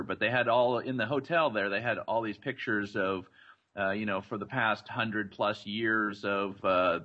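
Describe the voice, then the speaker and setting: A man's voice: fairly low pitch, bright, forceful tone, lo-fi sound. A man speaking as a podcast guest, rambling through his answers in a casual roundtable chat. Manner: rambling, lots of fillers and restarts. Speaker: guest collector and curator.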